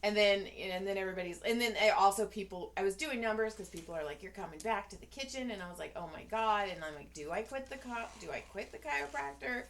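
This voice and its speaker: A woman's voice: mid-range voice, fast talker, few pauses, a little hiss or hum. A woman co-hosting a podcast in casual chat, telling stories and acting out each side of a conversation. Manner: animated storyteller acting out conversations. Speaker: podcast co-host.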